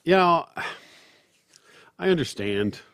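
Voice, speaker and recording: A man's voice: fairly high pitch, slow pace, dry recording, studio quality. A man co-hosting a casual podcast, reacting and arguing with lots of swearing. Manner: expressive, profane, reacting and arguing in disbelief. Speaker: podcast co-host.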